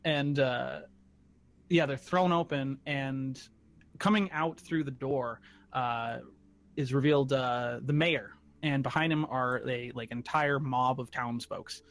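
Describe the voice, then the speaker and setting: A man's voice: mid-range voice, fairly even intonation, slow pace, a bit bright. A man narrating as game master, playful, laughing and full of fillers.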